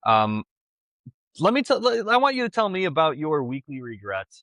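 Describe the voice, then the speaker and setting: A man's voice: on the high side, wildly swooping pitch, normal speed, fairly bright tone, dry recording. A man from Buffalo co-hosting a podcast, chatty and teasing in casual talk. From Buffalo, New York. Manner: chatty, teasing, laughs easily. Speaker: podcast co-host. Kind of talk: casual chat.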